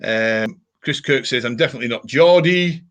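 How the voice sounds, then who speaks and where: A man's voice: mid-range voice, normal speed, fairly bright tone. Live stream host, male, chatty and rambling, lots of ums and restarts. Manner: rambling, many fillers and restarts. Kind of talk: casual live chat reading viewer comments.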